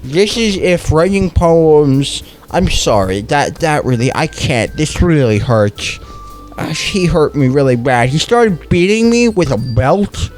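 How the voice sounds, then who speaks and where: Young man, slurred wet-mouthed voice, slow and halting, faint game music behind. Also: a little high, low-quality recording. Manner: halting, stumbling over words, awkward deadpan. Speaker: comedic let's-play persona. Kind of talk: reading a visual novel aloud in character.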